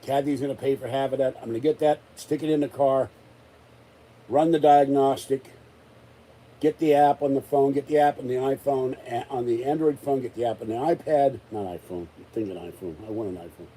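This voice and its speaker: Husky, exasperated rambling man. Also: medium pitch, brisk, warm tone, poor audio. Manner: exasperated, rambling rant with many restarts. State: still recovering from illness. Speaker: vlogger. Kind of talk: rambling live-stream chat.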